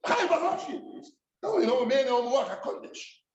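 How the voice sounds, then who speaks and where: High-voiced man telling a dramatic tale. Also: normal speed. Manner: animated, dramatic retelling. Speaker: rosh yeshiva. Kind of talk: storytelling lecture. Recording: echoey room, dull sound.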